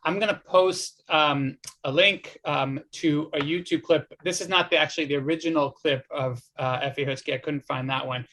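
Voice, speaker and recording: A man's voice: fairly high pitch, steady tone, normal speed, hardly any pauses, pushed and bright, a little hiss or hum. A man hosting an academic interview, asking questions in a hesitant, conversational way with many restarts.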